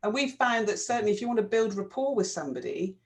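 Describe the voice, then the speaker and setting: A woman's voice: mid-range voice, animated, fast talker. Thoughtful woman explaining. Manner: thoughtful, explaining, gentle fillers. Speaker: co-host. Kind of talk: casual chat.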